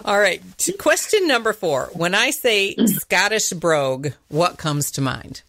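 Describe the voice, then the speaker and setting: A woman's voice: fairly low pitch, big pitch swings, measured pace, fairly bright tone, no echo. A middle-aged woman hosting an interview podcast, playful and chatty, laughing often. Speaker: podcast host. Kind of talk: casual interview chat.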